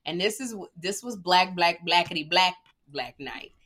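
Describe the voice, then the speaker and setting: Animated woman comedian telling stories. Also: lowish voice, normal speed. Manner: animated storyteller, lively and joking. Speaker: stand-up comedian. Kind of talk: casual podcast chat.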